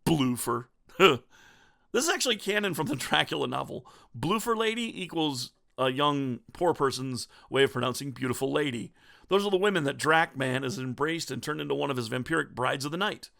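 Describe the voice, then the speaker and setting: Gravelly retro-game reviewer, wry, lively pitch. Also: male voice, fairly quick. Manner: wry and joking. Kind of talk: scripted review narration.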